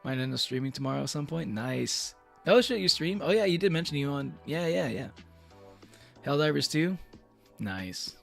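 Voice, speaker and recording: A man's voice: fairly high pitch, big pitch swings, moderate pace, gravelly, faint music behind. A young man streaming, chatting casually to his viewers in a rambling way, with many fillers and restarts and frequent laughs. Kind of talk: casual livestream chat.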